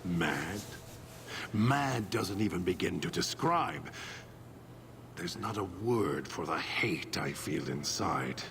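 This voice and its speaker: A hateful, gravelly super mutant. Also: male voice, low-pitched, expressive, fairly bright tone, exaggerated voice. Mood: seething. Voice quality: gravelly, slow and brooding. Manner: seething, drops to rasping whispers. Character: bitter, hateful male super mutant alter ego. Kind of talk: video game dialogue. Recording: clear background noise in game audio.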